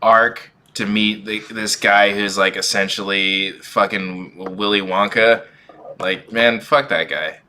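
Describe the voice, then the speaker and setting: A man's voice: fairly low pitch, fairly even intonation, slow, pushed and bright, slight background noise. A young man co-hosting a casual live-stream discussion, blunt and dismissive, swearing freely. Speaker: podcast co-host.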